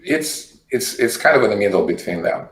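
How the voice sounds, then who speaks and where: A man, a company CEO guest, answering interview questions in a halting way, often repeating words while he searches for phrasing. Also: fairly low pitch, lively intonation, a crowd in the background. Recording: echoey room with faint noise.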